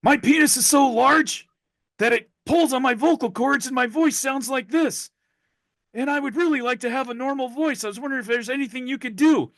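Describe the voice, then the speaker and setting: A man putting on a grown man with a comically squeaky, pinched voice. He pleads in a strained falsetto, loud and tight, with no room echo around it. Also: a little fast. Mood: pleading. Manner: joke-telling, exaggerated falsetto.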